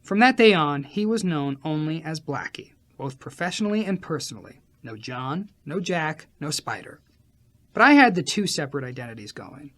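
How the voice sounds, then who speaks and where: A man with a slightly high voice reads a first-person memoir aloud as an audiobook. His delivery is animated, jumping between loud, lifted phrases and low, quiet asides. The reading stays lively and storytelling throughout. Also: moderate pace. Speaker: audiobook narrator.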